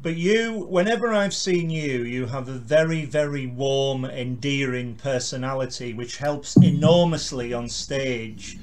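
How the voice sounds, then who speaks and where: A man's voice: mid-range voice, measured pace, few pauses, a little mellow. A man hosting a podcast, chatting casually and backing up his guest with short, supportive replies. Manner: supportive, chimes in with short responses. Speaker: podcast host. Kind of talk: casual interview chat.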